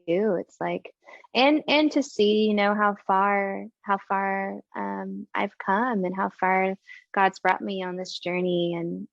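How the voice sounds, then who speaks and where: A young woman speaking as a podcast guest, soft and earnest, reflecting with gentle pauses. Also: medium pitch, gravelly, dry recording. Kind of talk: reflective conversation. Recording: slightly dull lo-fi sound.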